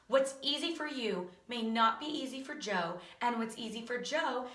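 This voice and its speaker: A woman reading aloud and voicing a calm, quirky female schoolteacher who speaks patiently and matter-of-factly. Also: a little high, normal speed, natural voice. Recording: roomy echo, distant from mic.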